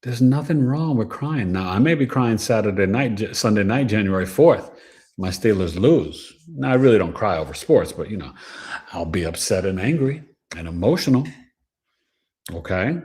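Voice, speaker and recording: A man hosting a casual astrology livestream, giving animated, preachy advice with plenty of slang. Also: lowish voice, moderate pace. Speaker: astrologer and show host.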